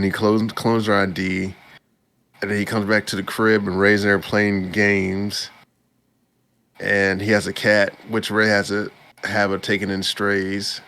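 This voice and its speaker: A male podcast host chats casually about an anime episode, rambling along with many restarts and chuckles. His pitch is fairly low and his tone fairly bright.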